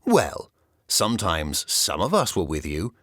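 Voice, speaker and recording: A graceful, refined mother cat in a storybook, voiced by a man reading aloud. Her soft, gentle speech rises and falls widely, recorded close and dry. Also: low voice, huge pitch swings, unhurried, no echo, pitched below the performer's own voice, full character voice. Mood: tender.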